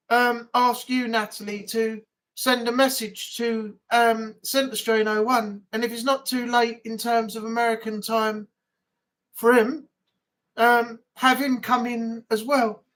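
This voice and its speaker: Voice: medium pitch, flat delivery, takes it slowly, a bit bright. A livestream host with a broad northern English accent chats casually to viewers. The talk rambles, with repeated words and plenty of fillers. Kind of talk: casual live chat.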